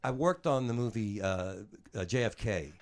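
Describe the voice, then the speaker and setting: A man with a New Orleans accent and a fairly low voice tells stories in a relaxed chat. He gets animated, laughs through his punchlines and swears now and then. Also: moderate pace. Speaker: guest. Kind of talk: casual storytelling chat.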